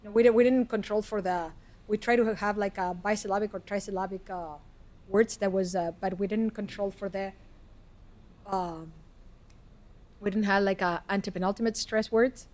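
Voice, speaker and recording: A woman's voice: mid-range voice, steady tone, moderate pace, darkish tone. A woman lecturer answering audience questions in a lecture hall, talking hesitantly with frequent restarts and "I mean" fillers. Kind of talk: academic Q&A answers.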